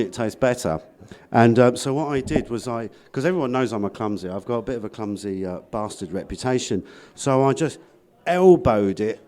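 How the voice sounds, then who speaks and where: Animated man telling crude stories. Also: mid-range voice. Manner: animated, crude, self-mocking. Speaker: comedian guest. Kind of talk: comic storytelling. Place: radio studio.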